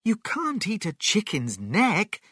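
A man's voice: high voice, huge pitch swings, slow pace, sharp tone, breathy edge, dry recording, studio quality, pitched above the performer's own voice, heavily acted. A man doing a fretful, gloomy mum. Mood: worried. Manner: fretful, sad remarks. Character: worried, gloomy grown-up mother.

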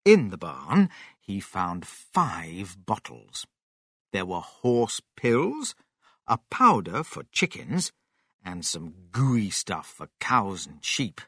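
Slow, very animated storybook narrator. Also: deep voice, slightly rough, dry recording, studio quality. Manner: slow, very animated, dramatic swings. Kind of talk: storybook read-aloud.

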